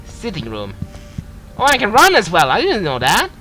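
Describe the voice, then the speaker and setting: Excitable gaming commentator man, slow talker. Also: high voice, faint music behind, low-quality recording. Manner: excitable, laughing, hums and exclaims. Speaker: gameplay commentator. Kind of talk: casual let's-play commentary.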